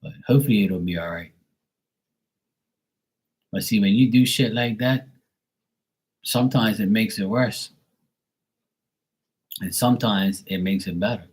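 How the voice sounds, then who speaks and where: A man reading tarot on a live stream, chatting bluntly to a viewer, swearing freely and getting animated when worked up. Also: fairly low pitch, measured pace, pauses often, slightly rough, rough recording. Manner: blunt, swears often, talks straight to a viewer. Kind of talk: casual live-stream chat.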